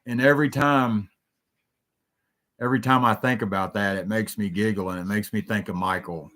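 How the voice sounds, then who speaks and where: A man's voice: on the low side, fairly even intonation, normal speed, a bit bright. A man hosting a solo talk show, rambling and jumping between stories, swearing freely.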